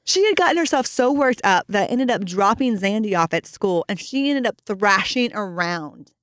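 A woman co-hosting a chatty podcast, telling animated stories about her kids and acting out their voices. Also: mid-range voice, normal speed, clear, resonant tone, no echo, clean studio sound. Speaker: podcast co-host, parent. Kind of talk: casual chat.

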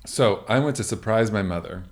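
A man's voice: fairly low pitch, brisk. A man co-hosting a podcast in casual chat, with campy, teasing banter and drawled asides. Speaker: podcast co-host.

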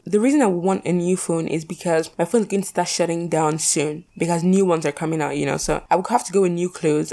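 A woman's voice: lowish voice, vocal fry, dark tone. A young woman vlogger chatting casually through poll questions, rambling with lots of fillers and casual swearing.

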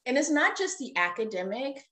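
A woman with a high, fairly bright voice talks briskly and with lots of animation, recorded poorly in an echoey room. She's a mother living in Japan, appearing as a guest on a podcast interview, and she rambles earnestly through many fillers while fighting back tears.

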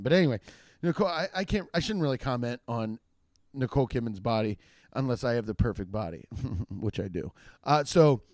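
A man's voice: on the high side, a little mellow, no echo, clean studio sound. Profane, rambling male podcast host. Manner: rambling, profane, jokey, with quick asides and restarts. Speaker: podcast host and stand-up comedian. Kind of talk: casual solo podcast monologue.

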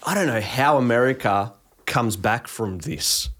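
A man's voice: mid-range voice, animated, unhurried, fairly bright tone. A man in casual podcast chat, ranting heatedly with frequent swearing and restarts. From Australia.

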